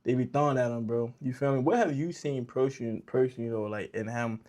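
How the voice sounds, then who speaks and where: A man's voice: medium pitch, fairly even intonation, a little fast, darkish tone. Male interviewer, mid voice, loose slangy questions. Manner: slangy, says "you feel me" often. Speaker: podcast interviewer. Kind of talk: casual interview chat.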